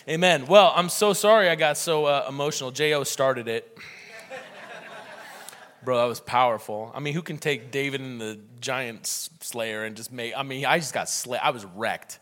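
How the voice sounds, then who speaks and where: Young guy preaching, talky and earnest, bright ringing voice. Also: mid-range voice, normal speed. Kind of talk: sermon and prayer.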